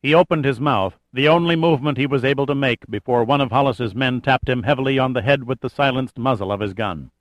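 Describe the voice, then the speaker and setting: A man reading a thriller audiobook in steady, measured narration. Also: mid-range voice, no echo.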